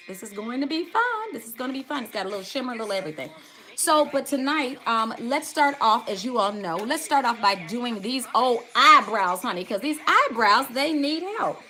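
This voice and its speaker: With a sharp tone on the high side, a middle-aged woman hosts a makeup livestream, chatting casually as she greets viewers by name and hollers out to "y'all."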